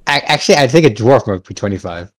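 A man's voice: mid-range voice, lively intonation, fast, dry recording. A man with a mid-range voice acts as game master, walking his players through the rules of a tabletop game. He hesitates often and fills gaps with fillers. The sound is close and dry. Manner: patient, hesitant with many fillers.

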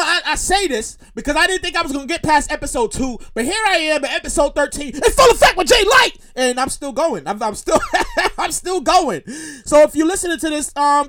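High, lively man ranting on his show. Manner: rambling, repetitive, animated outbursts. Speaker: podcast host. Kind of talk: comedic solo monologue.

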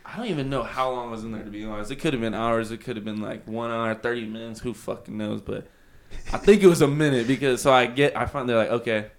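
Gravelly laid-back young man telling stories. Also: mid-range voice, quick pace. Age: young adult. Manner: laid-back slangy storytelling, laughs often, acts out quotes. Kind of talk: casual podcast chat.

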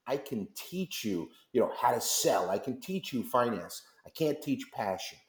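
A man's voice: mid-range voice, animated, normal speed, echoey room. A man telling a long story as a guest on a radio interview, acting out the back-and-forth of phone calls. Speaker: company founder as guest. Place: radio studio.

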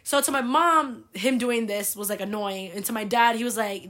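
At a normal speed, a young woman from the US with a slightly high, a-bit-bright voice hosts a podcast. She tells a family story in a relaxed, talkative way, peppering it with "like" and swearing freely.

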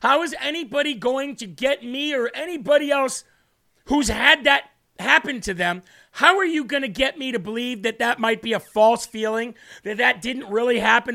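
High bright-voiced guy preaching on a live stream, fervent, chats w viewers. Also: moderate pace, vocal fry. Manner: fervent, reads viewer comments aloud. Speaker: online preacher. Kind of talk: livestream devotional talk.

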